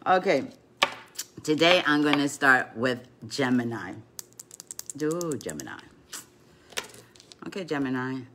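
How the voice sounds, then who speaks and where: A woman's voice: a bass voice, expressive, slow pace, long pauses, a bit bright, a little hiss or hum. An older woman and grandmother telling a rambling story between rune and card readings, full of "you know" asides, as a casual vlog.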